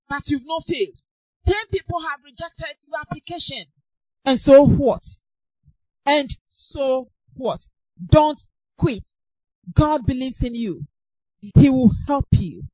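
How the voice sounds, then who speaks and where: A woman preaching a sermon with impassioned, repetitive exhortation that rises to shouts. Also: sits high, animated, a little slow, no room sound, rough recording.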